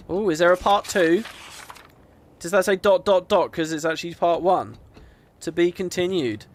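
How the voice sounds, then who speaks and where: A man's voice: fairly high pitch, a little hiss or hum. A man hosting a gaming video, chatting casually and reading game text aloud with amused, mock-dramatic commentary. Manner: animated, chuckling, mock-dramatic.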